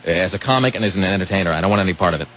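A man's voice: low voice, racing, fairly bright tone, dull audio, a little hiss or hum. A man hosting a comedic talk radio show, rambling and sarcastic, often cutting himself off mid-sentence. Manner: sarcastic, rambling, self-interrupting.

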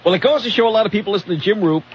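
Guy reading news on radio really fast, high voice, dry jokes, muffled lo-fi sound. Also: slight background noise. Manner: quick, dry delivery with wry asides.

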